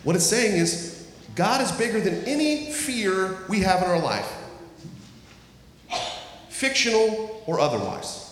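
A man preaching a sermon, earnest and deliberate, slowing down to stress key words and reading scripture aloud. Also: sits high, very animated, slight background noise. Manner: earnest, reads scripture aloud, slows for emphasis. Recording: echoey hall with faint ambience.

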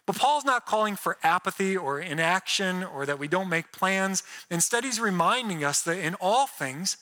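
High bright-voiced man preaching in a hall. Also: lively intonation, normal speed. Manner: earnest, with sarcastic asides and mock voices. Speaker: pastor. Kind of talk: sermon. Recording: reverberant hall.

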